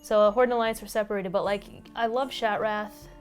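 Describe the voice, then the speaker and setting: A woman's voice: mid-range voice, fairly even intonation, a little fast, faint music behind. Chatty woman gaming podcast co-host. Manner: chatty, many fillers and restarts. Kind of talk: casual gaming podcast chat.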